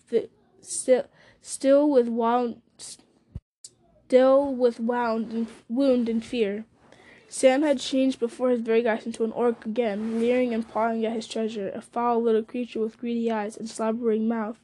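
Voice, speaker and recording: A woman giving a measured, storytelling reading of a fantasy novel. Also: a little high, flat delivery, mellow. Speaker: audiobook reader.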